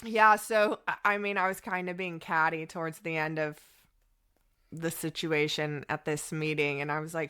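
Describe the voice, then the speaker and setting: A woman's voice: deep voice, normal speed, clear, resonant tone. A woman in her thirties, a podcast guest, telling a story in casual chat and acting out the conversations she quotes. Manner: animated, quotes conversations in voices.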